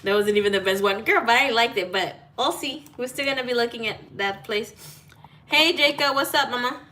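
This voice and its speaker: A tarot reader with a fairly high, slightly bright voice chats casually with live viewers, talking a little fast over some hiss or hum from her phone mic. She greets people by name, swears freely, and tosses in Spanish greetings.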